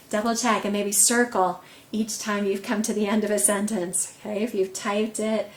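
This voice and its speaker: A woman teacher talks students through their tasks in a relaxed, casual way, with a few "um"s along the way. Her voice echoes in a room with a faint hum of noise. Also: medium pitch. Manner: relaxed, with frequent "um"s. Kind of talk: casual classroom instructions.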